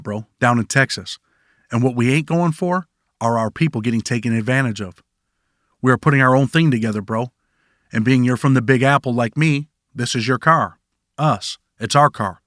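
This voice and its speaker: A man's voice: medium pitch, a bit bright, dry recording, clean studio sound, lightly acted. A man doing a stern, urgent inmate. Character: stern male inmate from New York.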